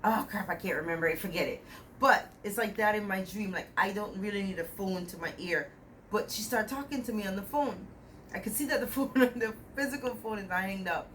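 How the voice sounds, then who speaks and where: A woman's voice: mid-range voice, brisk, a little hiss or hum, low-quality recording. Woman rambling through a dream story. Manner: rambling, animated retelling with quoted dialogue. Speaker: dream vlogger. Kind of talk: casual storytelling about a dream.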